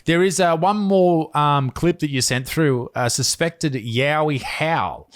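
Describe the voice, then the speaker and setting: A man's voice: fairly high pitch, takes it slowly, no room sound, clean studio sound. An Australian man hosting a podcast, asking questions in a laid-back, casual way. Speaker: podcast host. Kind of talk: casual interview chat.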